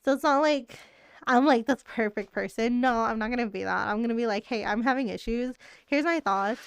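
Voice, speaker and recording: Woman streamer, rambling and chatty, laughs a lot; smooth voice, dry close sound. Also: fairly high pitch, fairly quick, no echo. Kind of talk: casual live-stream chat.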